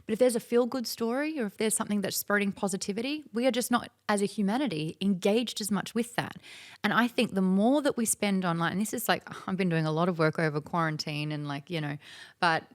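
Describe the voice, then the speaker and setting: A woman guest in an interview, chatting casually and telling stories with animated, acted-out quotes. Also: mid-range voice, quick pace. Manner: animated storyteller who acts out quoted dialogue.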